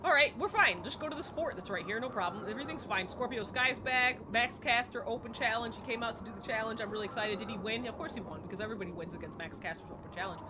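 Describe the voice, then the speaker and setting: Excitable woman streamer, noisy audio. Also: on the high side, fast talker, few pauses. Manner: excitable, chatty, bursts into squeals. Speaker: game streamer. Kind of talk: casual live-stream chatter.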